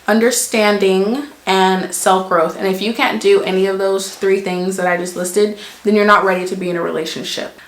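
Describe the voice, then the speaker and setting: Woman vlogger, sassy and emphatic, mid-pitched voice, echoey room sound. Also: fairly bright tone. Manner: blunt, emphatic, sassy, uses examples. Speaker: vlogger giving relationship advice. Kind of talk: casual chat to camera.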